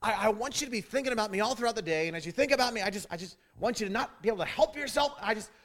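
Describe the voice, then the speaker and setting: A man's voice: high voice, lively intonation, racing, fairly bright tone, voice pushed up. A man voicing a wife who asks her husband for signs of love, in a raised, pleading voice. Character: wife longing for romantic attention.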